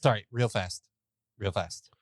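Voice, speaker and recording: A man's voice: fairly low pitch, unhurried, no echo, clean studio sound. A man co-hosting a podcast in casual chat, teasing the others and hamming it up at times. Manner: teasing, theatrical. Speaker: podcast co-host.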